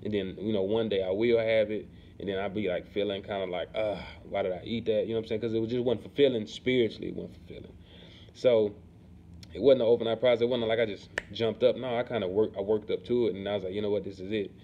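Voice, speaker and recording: A man chatting casually to camera in a relaxed, rambling way, often asking "you know what I'm saying". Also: on the low side, fast. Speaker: vlogger. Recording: dull lo-fi sound with faint background noise.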